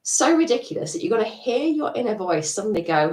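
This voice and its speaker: A middle-aged woman coaches a live EFT tapping session on a live stream, chatty and encouraging, laughing at herself as she goes. Her mid-range voice is very animated, fairly quick, and darkish in tone. The room is echoey and the mic sits at a distance.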